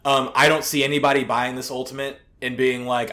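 A man's voice: mid-range voice, flat delivery, fast talker, few pauses, a bit bright. A man co-hosting a podcast in casual chat, rambling with lots of fillers and the odd swear. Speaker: podcast co-host.

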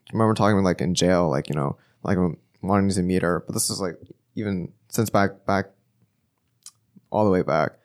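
A man as a podcast guest, talking hesitantly with many restarts. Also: sits low. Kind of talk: casual conversation. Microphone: podcast microphone.

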